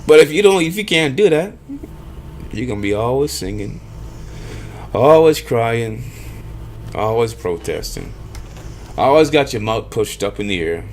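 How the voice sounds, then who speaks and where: A man's voice: mid-range voice, very animated, a little slow, pauses often, a little mellow, slight background noise. A man delivering an emphatic monologue, lecturing and firing off rhetorical questions. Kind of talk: emphatic monologue on power politics.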